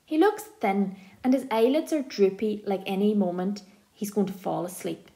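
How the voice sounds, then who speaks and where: Expressive woman reading a children's novel aloud. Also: mid-range voice, moderate pace. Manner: gentle, expressive storytelling. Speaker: audiobook narrator. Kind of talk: scripted audiobook narration.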